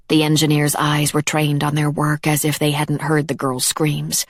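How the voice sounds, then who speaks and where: A woman narrating a dark fantasy audiobook in a measured, even storytelling manner. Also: deep voice, no room sound, studio quality. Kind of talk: scripted narration.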